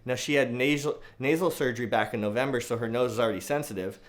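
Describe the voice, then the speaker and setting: A man vlogging casually to the camera as a dog owner, telling a story in a chatty way and sometimes talking softly to his dog. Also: mid-range voice, fast. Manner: chatty storytelling, soft baby-talk to the dog.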